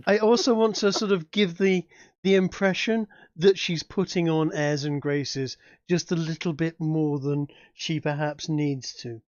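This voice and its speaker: A man's voice: on the high side, steady tone, measured pace, no room sound, lo-fi sound. A man with an English accent, narrating as dungeon master, hesitant with frequent restarts. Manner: hesitant, many fillers and restarts. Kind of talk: narrating a tabletop game.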